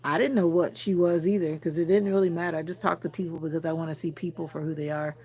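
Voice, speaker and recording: A woman's voice: deep voice, steady tone, quick pace, mellow, husky, poor audio. A Jamaican woman from Jamaica hosting a casual livestream, chatting with viewers and teasing them as she answers their comments. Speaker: livestream host.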